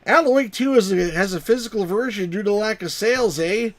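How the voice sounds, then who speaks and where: A man doing a loud, mocking Canadian guy. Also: high voice, brisk, voice pushed up, lightly acted. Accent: mock Canadian. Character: exaggerated Canadian man ending every sentence with "eh".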